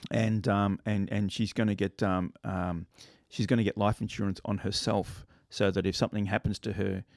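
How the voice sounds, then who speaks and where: Low gravelly man, rambling storyteller. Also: flat delivery, moderate pace, no room sound, studio quality. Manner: rambling storyteller, many ums and restarts; acts out quoted lines in a higher voice. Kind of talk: casual chat.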